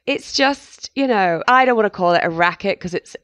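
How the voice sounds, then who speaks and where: A middle-aged woman, a journalist, speaking frankly as a guest in an interview, telling her story with lively quoted asides. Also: medium pitch, normal speed, no echo. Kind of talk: candid interview conversation.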